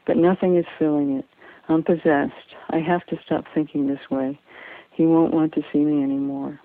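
A woman's voice: low voice, level tone, normal speed. Woman reading a memoir over a tinny line. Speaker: memoir reader. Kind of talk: first-person story reading. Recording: tinny phone-like dry sound.

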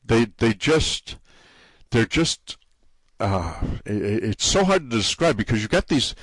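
A man's voice: mid-range voice, very animated, a bit bright, no room sound. A man with a New England accent, talking in a casual interview about his forum and its people, stumbling and restarting his sentences often. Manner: halting, many restarts and repeated words. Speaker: forum site owner being interviewed.

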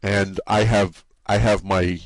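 Halting New England man, dry and close. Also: deep voice, little pitch movement, no echo. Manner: halting, many restarts and repeated words. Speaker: forum site owner being interviewed. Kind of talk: casual conversational interview.

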